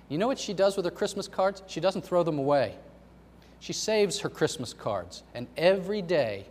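A middle-aged man, a pastor, preaching a sermon in a storytelling way, swinging between loud emphasis and soft asides. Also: mid-range voice, slight background noise. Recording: long hall reverb.

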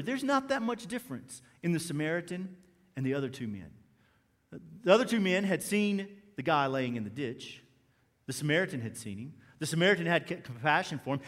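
A pastor delivering a sermon, his voice pitched high for a man. He talks to the room conversationally, repeating his key lines and tossing out questions. The sound carries a long hall reverb. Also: fairly bright tone.

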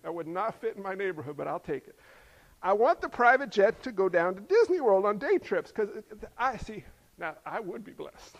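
A man preaching a sermon as pastor, lively and joking, peppering the congregation with rhetorical questions. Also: high-pitched, normal speed, dull audio. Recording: long hall reverb.

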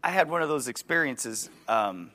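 A man's voice: mid-range voice, lively intonation, normal speed, pushed and bright. A man in his forties with a Wisconsin accent, preaching a sermon in a conversational way and putting questions to his listeners. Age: 40s. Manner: conversational, asks the audience questions, restarts words.

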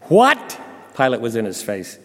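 A man narrating a Bible story in the first person, dramatic and intense in delivery. His voice sits at a middle pitch, and a long reverb rings behind it. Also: animated, a little slow.

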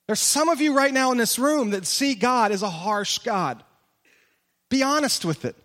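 High-voiced pastor in a reverberant church. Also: male voice, lively intonation, normal speed, fairly bright tone. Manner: conversational and emphatic, full of direct rhetorical questions. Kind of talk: sermon. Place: large church hall. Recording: long reverb of a large church hall.

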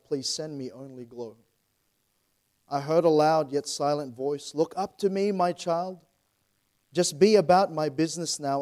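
A man preaching a sermon and reading a poem aloud, earnest, quick phrases that fall away softly, with frequent restarts. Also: fairly high pitch. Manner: earnest, fast then trailing softly.

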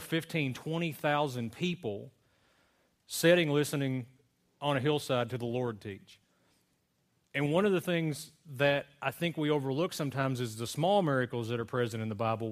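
A man preaching a sermon to his congregation in a relaxed, conversational storytelling way. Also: mid-range voice. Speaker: pastor.

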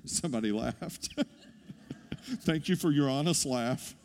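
A man preaching a sermon as pastor, conversational and animated, with asides to the congregation. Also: mid-range voice, slow pace, slight background noise. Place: church sanctuary. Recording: long hall reverb.

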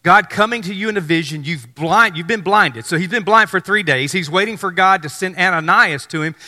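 A lively male preacher whose voice rings out bright and forceful, jumping into excited character voices as he retells scripture. His words echo with a long reverb through a church sanctuary. He talks a little higher than most men. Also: fairly quick. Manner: animated, acts out biblical dialogue in excited voices. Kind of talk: sermon.

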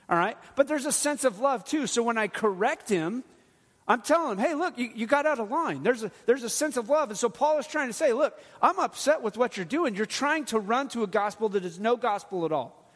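Middle-aged man, pastor, earnest conversational sermon, high voice, echo of a large hall. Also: a bit bright. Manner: earnest, conversational preaching with humor and repeated "listen". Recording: long hall reverb.

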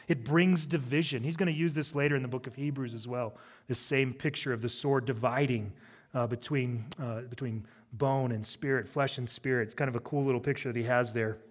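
A man's voice: medium pitch, steady tone, fairly quick. A middle-aged man preaching a sermon, conversational, with humorous asides. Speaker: pastor.

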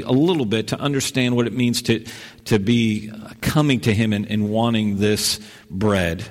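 A male pastor delivering a sermon in an easy, conversational manner. His voice sits at a middle pitch, and he often circles back and restarts his phrases. A long reverb from a church hall trails behind him.

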